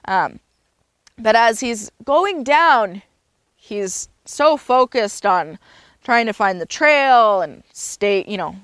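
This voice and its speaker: A woman's voice: on the high side, expressive, slow pace, fairly bright tone, smooth, no echo. A woman telling a story aloud in a loose, unscripted way, with fillers and self-corrections. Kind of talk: casual spoken storytelling.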